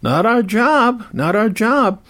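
A man's voice: high-pitched, lively intonation, slow, a bit bright, pitched above the performer's own voice, full character voice. A man voicing two mocking male police officers in a flippant, teasing tone.

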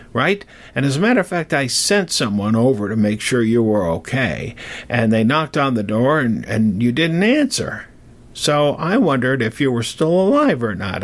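A stern older English magician who lectures in a clipped, scolding tone, as a man puts him on. The voice is gravelly and a little husky, and it rises and falls with his reproach. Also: medium pitch. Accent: English, put on.

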